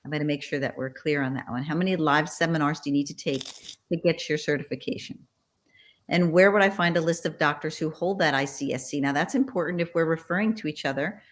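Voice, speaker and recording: A cheerful woman runs her part of an online quiz over a video call, urging people to jump in. Her voice sits a little low for a woman. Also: a little fast. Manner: upbeat, coaxing the audience to join in. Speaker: quiz presenter. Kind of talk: casual virtual party quiz.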